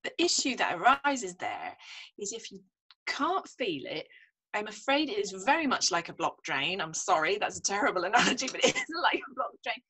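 A woman's voice: mid-range voice, big pitch swings, brisk, sharp tone, breathy edge, rough recording. Middle-aged woman, podcast guest, frank and self-mocking. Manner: frank, self-deprecating, laughs often. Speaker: podcast guest, health psychologist. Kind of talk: casual conversational interview.

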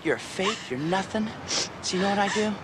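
A man's voice: high-pitched, animated, brisk, noisy background. An actor playing an eager young songwriter husband who stammers and repeats himself as he coaxes and reassures. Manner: stammering, coaxing. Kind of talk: TV movie acting.

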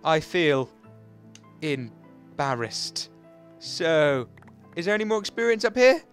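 A young man giving excitable, chatty, self-mocking commentary while playing a video game. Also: fairly high pitch, slow pace, soft background music. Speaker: gaming channel host. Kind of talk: Let's Play commentary.

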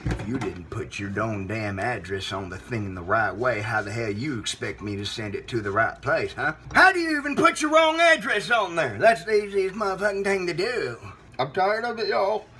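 A man's voice: on the low side, moderate pace, a bit bright, slight background noise, natural voice. A man playing a touchy country man who washes dishes people mail him, swinging from whiny to threatening and swearing a lot. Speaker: host. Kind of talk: comedy sketch video.

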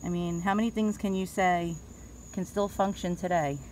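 In a lowish, darkish voice with fairly even intonation, a middle-aged Queens, New York woman talks at a moderate pace about the antiques she sells. She chats informally, sometimes stumbling over names, over a light hiss or hum.

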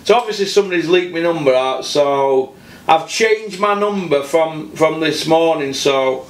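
A man's voice: fairly high pitch, normal speed, echoey room, a little hiss or hum. A man from South Yorkshire with its accent, hosting a boxing channel and ranting bluntly with heavy swearing, repeating points for emphasis. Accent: South Yorkshire English. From Doncaster, South Yorkshire, England. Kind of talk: solo boxing opinion rant.

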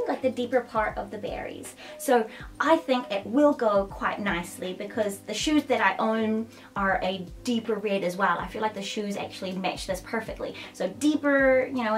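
Woman vlogger, high bright voice, breathless and gushing, recorded a little off-mic over faint music. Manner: gushing and excitable, with frequent gasps and giggles. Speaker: fashion vlogger. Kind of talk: casual unboxing show-and-tell. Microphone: camera mic a short way off. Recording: slightly distant mic, faint background music.

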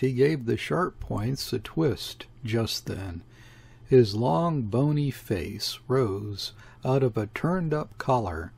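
A man reading a classic novel aloud as an audiobook narrator, in a measured, steady delivery. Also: medium pitch, creaky, slightly rough. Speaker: audiobook reader. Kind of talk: scripted narration.

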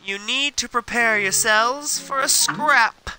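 A man's voice: extremely high pitch, takes it slowly, bright, forceful tone, slight background noise, pitched above the performer's own voice, exaggerated voice, low-quality recording. A man reading a wise old kettle elder. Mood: advising. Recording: game music underneath.

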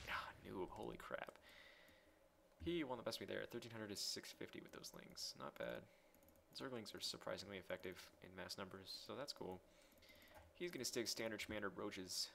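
A young man casually commentating his own game replay, excitable and self-mocking, swearing as he goes. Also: fairly low pitch, vocal fry, noisy background. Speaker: gameplay commentator.

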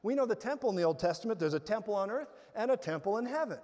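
A man preaching a sermon, telling stories in an animated way with bursts of loud laughter. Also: high voice, racing. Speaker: guest preacher. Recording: hall reverb.

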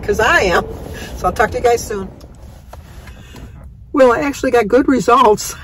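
A woman's voice: fairly high pitch, moderate pace, fairly bright tone, a little hiss or hum, rough recording. A woman vlogging from her car while driving, chatting in a rambling way, laughing often and stumbling over long words. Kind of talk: casual chatty vlog.

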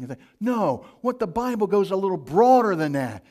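A male pastor preaching a sermon, with big swings from loud emphasis to hushed asides. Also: high-pitched, big pitch swings, moderate pace, few pauses.

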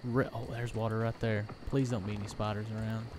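A man's voice: fairly low pitch, little pitch movement, brisk, background noise. A young man giving let's play commentary, easily startled and talking to himself as he plays. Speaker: gaming YouTuber.

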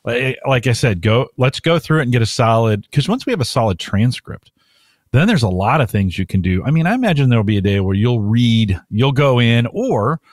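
A man's voice: medium pitch, expressive, a little fast, no echo, clean studio sound. A man co-hosting a casual podcast chat, thinking aloud and restarting his sentences as he muses. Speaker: podcast co-host.

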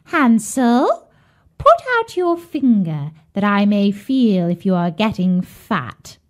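A woman voicing a cruel, greedy old witch in a storybook, shrill and jeering, snapping out orders. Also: very animated, slow pace. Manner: shrill, jeering, bossy shouting.

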